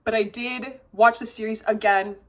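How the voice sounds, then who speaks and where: A woman in her twenties chatting excitedly in a vlog, gushing and swearing as she unboxes books. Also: a little high, normal speed. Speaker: vlogger. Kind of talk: casual chat and book unboxing.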